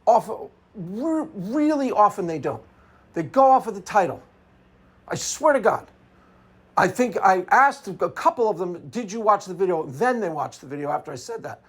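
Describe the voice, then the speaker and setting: A man's voice: sits high, expressive, normal speed, breathy edge. Male video commentator, unscripted monologue, sarcastic and combative, hammers each point twice.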